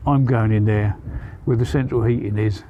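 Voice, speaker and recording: A man casually narrating his carp fishing trip outdoors by a lake, relaxed and pleased. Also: on the low side, moderate pace, dull audio, a little hiss or hum. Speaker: angler vlogger.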